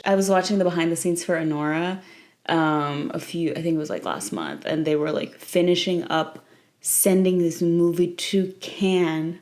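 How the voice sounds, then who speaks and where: Young woman vlogger, rambling late-night chatter, slightly low voice, playful tangents. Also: moderate pace, darkish tone. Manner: rambling, playful, bursts into squeals and laughs. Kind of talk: casual late-night vlog chat.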